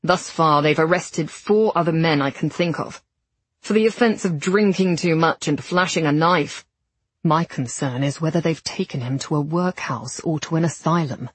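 Woman voicing a sardonic brusque gentleman. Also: low-pitched, normal speed, slightly rough, dry recording, pitched below the performer's own voice. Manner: curt, dry sarcasm.

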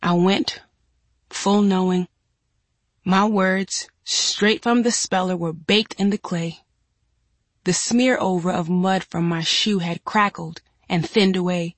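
In a dry recording, a woman with a somewhat low voice narrates a first-person audiobook. Her storytelling is steady and measured.

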